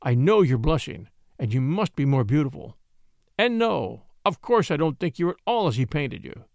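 Gallant young attorney, storybook, narrator plays him. Courteous, animated pitch, dry close mic. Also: male voice, normal speed, gravelly, dry recording. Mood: tender.

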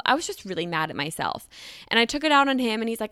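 A woman in her twenties hosting a podcast, telling a story casually with lots of "like" and animated acted-out quotes. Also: very fast, smooth, no room sound, studio quality. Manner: animated, acts out quotes with pitch jumps, frequent "like". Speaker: podcast host.

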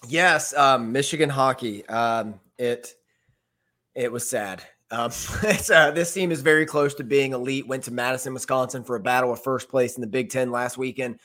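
A young American man, engaged to be married, co-hosting a sports podcast in relaxed, filler-heavy talk. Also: medium pitch, normal speed. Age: young adult. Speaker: podcast co-host. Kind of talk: casual sports podcast chat.

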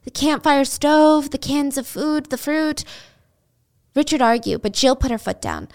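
A woman's voice: sits high, measured pace, darkish tone. A woman retelling a true-crime story in a casual, dramatic way, with chatty asides to the listener.

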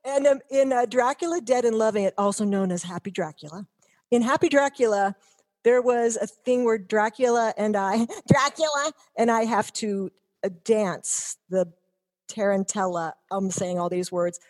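A woman's voice: fairly high pitch, moderate pace, darkish tone. A middle-aged woman guest, telling stories in a chatty, rambling way with many restarts. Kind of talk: casual chat.

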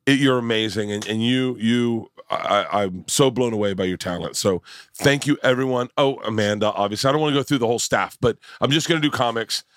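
A man hosting a podcast on a tour bus, rambling and swearing in casual chat, often halting and restarting. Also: mid-range voice, no echo, studio quality. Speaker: podcast host.

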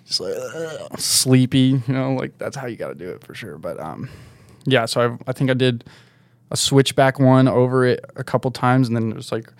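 A young man with a gravelly voice tells a story in a casual podcast chat. He rambles loosely, leaning on "like" and "dude". His sound is dry and close to the mic. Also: medium pitch, moderate pace, no echo. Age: young adult. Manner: rambling, laid-back, filler-heavy with "like" and "dude". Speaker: guest snowboarder.

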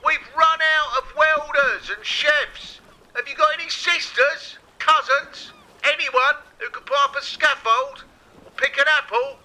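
A man's voice: extremely high pitch, steady tone, a little slow, voice pushed up, heavily acted, rough recording. A man putting on a politician bellowing and pleading through a megaphone. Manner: shouting, pleading.

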